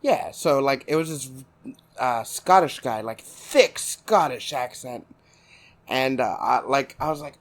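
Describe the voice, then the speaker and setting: Laid-back Texan podcast co-host. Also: male voice, medium pitch, measured pace. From South Texas. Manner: laid-back, meandering anecdotes. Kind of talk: casual chat.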